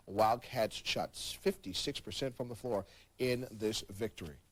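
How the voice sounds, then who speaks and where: A man calling basketball highlights as a sports news anchor, with punchy, animated delivery. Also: measured pace. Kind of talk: highlights commentary.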